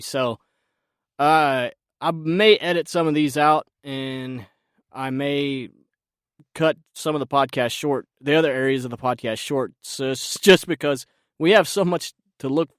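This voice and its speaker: A man's voice: on the high side, no room sound, studio quality. Stuffed-up man hosting a podcast. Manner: rambling, self-interrupting, laughs at himself. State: stuffed up, croaky from sinus trouble. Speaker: podcast host. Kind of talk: casual solo podcast chat.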